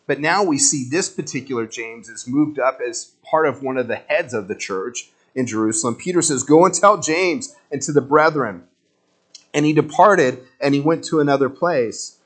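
A man giving an informal sermon, telling the story in a conversational, animated way with casual slang. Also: mid-range voice. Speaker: preacher.

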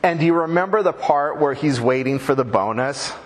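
Conversational preacher in a reverberant hall. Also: male voice, fairly high pitch, fairly quick. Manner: conversational preaching with humorous asides. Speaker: pastor. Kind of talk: sermon.

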